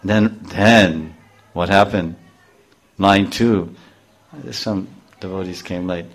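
This spiritual teacher, a middle-aged man with a low voice, takes his time as he gives a scripture class to a live audience. He goes through each verse line by line and briefly performs the characters' voices.

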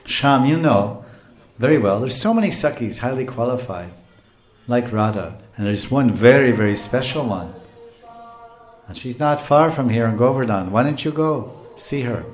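A man's voice: medium pitch, expressive, moderate pace, lightly acted. A man voicing a divine young woman disguised as a cowherd boy, coaxing and playful in a retold sacred story, in a roomy space. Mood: teasing.

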